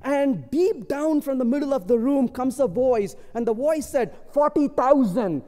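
A man's voice: extremely high pitch, moderate pace. A man speaking at a conference, telling stories and tagging points with rhetorical questions. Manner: animated storytelling, rhetorical "isn't it?" tags. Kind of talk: conference talk with anecdotes. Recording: long hall reverb.

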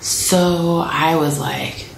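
Low gravelly woman vlogger, echoey room. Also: extremely slow, slight background noise. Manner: chatty, animated, acts out quotes. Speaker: family travel vlogger. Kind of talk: casual storytelling to camera.

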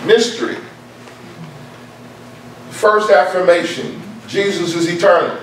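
A very high-pitched man delivers an emphatic sermon, driving home key points by repeating them. He speaks slowly and deliberately. The sound is heavily echoey and picked up from a distance in a church. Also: fairly even intonation, fairly bright tone. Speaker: preacher. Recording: very echoey room, mic far off.

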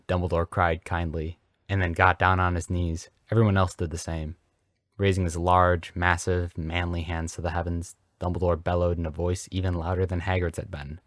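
A man's voice: deep voice, level tone, fairly quick, no room sound, clean studio sound. A man reading a story aloud as a comedic dramatic reading, in a mock-earnest way. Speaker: podcast host reading fanfiction aloud.

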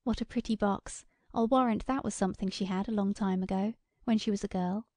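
A woman voicing a rural farm wife who rises into high, excited cries. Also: brisk, no room sound, studio quality, lightly acted. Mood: fond.

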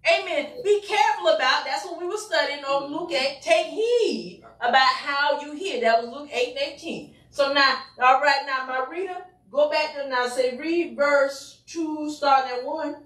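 A woman leading a lively church Bible study, animated and playful, often singing and laughing. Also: high-pitched, normal speed, hardly any pauses. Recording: echoey room picked up from a distance.

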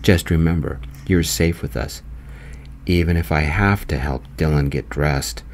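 A man's voice: extremely low pitch, a little slow. A man voicing a flamboyant, teasing young man with a playful, theatrical manner.

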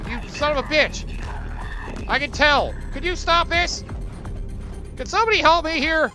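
A man doing jokey, profane, excitable gameplay commentary as a let's play host. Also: extremely high pitch, measured pace, music in the background.

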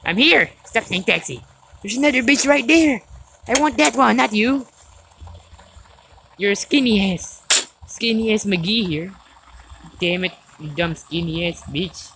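Gaming host, woman; excitable, swears at the game, pitch swings wide, noisy recording with clicks. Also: a little slow, creaky, pauses often. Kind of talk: let's-play commentary.

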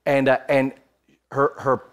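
A man's voice: mid-range voice, flat delivery, unhurried, clear, resonant tone. A man in his thirties preaching a sermon as pastor, telling a personal story and building to fervent exhortation. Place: church, streamed online.

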